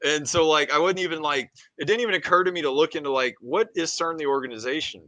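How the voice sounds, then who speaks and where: Bright-voiced man, dry close sound. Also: fairly high pitch, fast, no room sound, low-quality recording. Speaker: co-host. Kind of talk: casual political talk.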